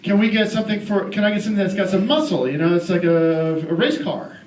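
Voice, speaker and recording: A man doing character stand-up in a live club, ranting in an indignant, fairly high voice and restarting his sentences as he goes. He is picked up from a distance, so the room echoes around him and loud crowd laughter fills the gaps. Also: fast talker. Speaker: stand-up comedian. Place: live comedy venue.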